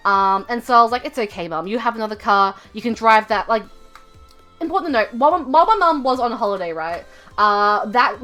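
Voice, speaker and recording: A young woman livestreaming from home, telling a rambling story full of fillers and self-corrections in a chatty, expressive way. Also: a little high. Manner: chatty and expressive, laughing at her own story. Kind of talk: casual livestream chat.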